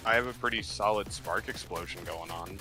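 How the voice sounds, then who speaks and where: A man's voice: deep voice, brisk, pushed and bright, soft background music. A laid-back man chatting casually on a co-op game stream, mostly giving short agreeing replies. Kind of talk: casual gameplay chat.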